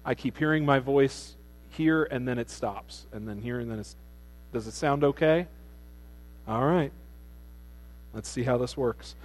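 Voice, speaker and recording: A man preaching a sermon as pastor in a church, measured and prayerful in delivery. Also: mid-range voice. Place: church sanctuary. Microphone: PA microphone. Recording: reverberant hall with mains hum.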